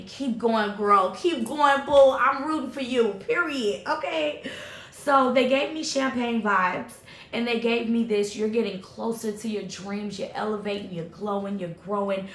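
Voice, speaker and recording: A woman giving a tarot reading in an animated, emphatic, slangy way, checking in often with her viewers. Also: a little high, reverberant, slight background noise. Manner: animated, emphatic, slangy and conversational with repeated "okay?". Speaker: tarot reader.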